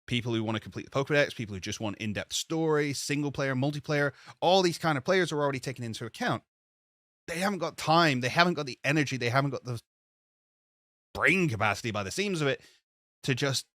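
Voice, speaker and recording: A man co-hosting a podcast, arguing his point in a casual debate with animated emphasis. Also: no room sound, clean studio sound. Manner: animated, emphatic, argues with rising pitch. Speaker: podcast co-host.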